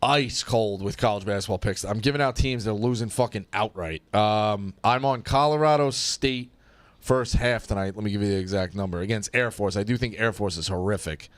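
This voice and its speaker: A man's voice: on the low side, a little fast, dry recording. A man co-hosting a sports betting show, giving his picks bluntly and swearing casually. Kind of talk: casual panel chat.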